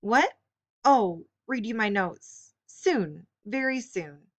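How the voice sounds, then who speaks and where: A woman's voice: a little high, expressive, slow pace. A woman voicing a showy, prim secretary who craves attention, in an audiobook reading. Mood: coy. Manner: prim, theatrical.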